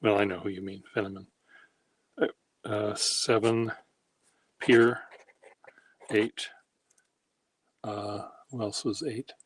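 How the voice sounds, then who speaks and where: A man with a lowish voice talks in an easy, unhurried way, drifting from one anecdote to the next. He hosts a casual, rambling chat, pausing often as he gathers his thoughts. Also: level tone, husky. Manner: meandering, halting anecdotes. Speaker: host.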